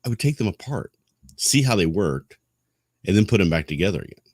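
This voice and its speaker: A man's voice: low-pitched, sing-song, fairly quick, slightly rough, no room sound, studio quality. A middle-aged man co-hosting a casual podcast, rambling and reminiscing with self-deprecating asides. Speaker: podcast co-host.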